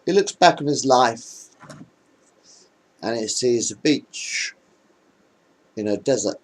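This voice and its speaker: A man's voice: mid-range voice, slow, poor audio. Man rambling through jokes to webcam. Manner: rambling, hesitant, deadpan. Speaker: vlogger telling jokes. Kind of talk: casual joke-telling to webcam. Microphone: webcam microphone.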